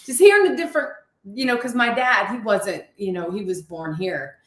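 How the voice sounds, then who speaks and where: A woman from Ohio with a Southern US accent co-hosts a relaxed chat and tells family stories. The recording carries a noticeable room echo. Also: mid-range voice, moderate pace. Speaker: co-host. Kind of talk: casual chat.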